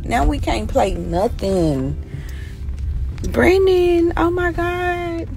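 A hoarse woman chatting casually with her followers on a phone live stream from inside a car, teasing and scolding them. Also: very high voice, extremely slow, a little mellow, soft background music. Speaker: social media personality on a live stream.

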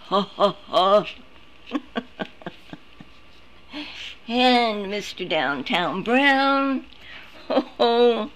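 A woman's voice: fairly high pitch, animated, extremely slow, pauses often, a bit bright. A woman streaming live on her phone, chatting casually and cooing in baby talk to a litter of puppies. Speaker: service dog puppy caretaker streaming a litter.

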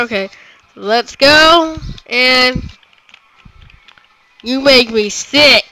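A man giving excitable let's play commentary, groaning and yelling at the game as things go wrong. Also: very high voice, drawn-out words, long pauses, low-quality recording. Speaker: gamer.

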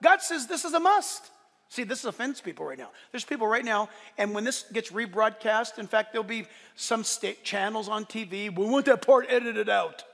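A man preaching a sermon to his church, animated and swinging from loud declarations to soft, joking asides. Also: sits high, moderate pace, long reverb tail. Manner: playful, joking asides to the congregation. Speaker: pastor. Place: church service.

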